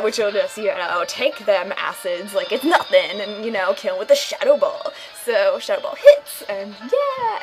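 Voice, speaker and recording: A woman's voice: medium pitch, rough recording. A young woman casually commenting on her own game playthrough, rambling and joking as she goes. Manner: rambling, jokey, puts on silly voices. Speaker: gamer doing a let's play.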